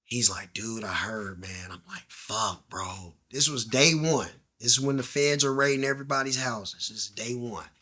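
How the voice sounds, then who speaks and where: A man's voice: mid-range voice, moderate pace, hardly any pauses, pushed and bright. A man guest telling his story in slang, acting out the voices in quoted dialogue and dropping to a near-whisper at tense moments. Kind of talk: candid storytelling interview.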